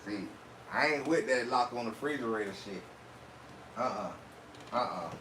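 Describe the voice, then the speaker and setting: A man's voice: mid-range voice, lively intonation, normal speed, a bit bright, a little hiss or hum. Teasing man chatting from across an echoey room. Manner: teasing, laid-back banter. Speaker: vlog co-host. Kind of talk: casual chat. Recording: echoey room, mic at a distance.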